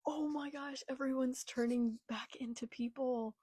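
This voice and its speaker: A young woman reading a manga aloud and reacting live, excitable, with gasps and whispered asides. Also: a little high, normal speed, vocal fry, hardly any pauses, husky, no echo, clean studio sound.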